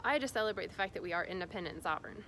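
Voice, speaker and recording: Talking very fast in a lowish, fairly bright voice with fairly even intonation, this Indiana woman rambles casually through a spiritual vlog, full of fillers and restarts. She works as a spiritual guide, and a little hiss or hum sits under the recording.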